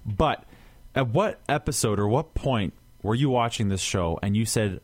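Deep-voiced man hosting a podcast. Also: animated, normal speed, no room sound. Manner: loose, rambling questions. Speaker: podcast host. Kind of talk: casual chat about a TV show.

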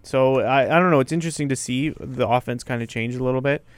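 Man talking baseball in a dry, smooth voice. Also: medium pitch, fast talker, no room sound. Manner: animated, breaks into mock New York voices. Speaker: podcast co-host. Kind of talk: casual sports chat.

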